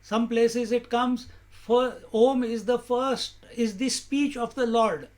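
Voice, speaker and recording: A man giving a spiritual discourse as a teacher, asking rhetorical questions in a measured, emphatic way. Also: very high-pitched, fairly even intonation, darkish tone.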